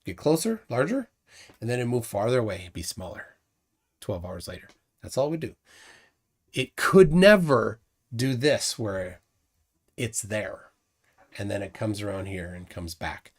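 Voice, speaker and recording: Male streamer, mid pitch, scornful and combative, stumbles and repeats words. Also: sing-song, a little slow, pauses often. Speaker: livestream host. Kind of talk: casual livestream debunking.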